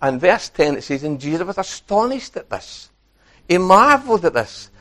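A man delivers a sermon in a fairly high voice. He is animated, swings between quiet asides and raised emphasis, acts out quoted lines, and keeps putting questions to his congregation. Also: moderate pace. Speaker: preacher.

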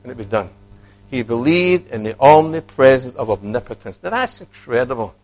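Animated man preaching a sermon. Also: medium pitch, moderate pace. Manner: animated, acts out quoted speech, asks the congregation questions.

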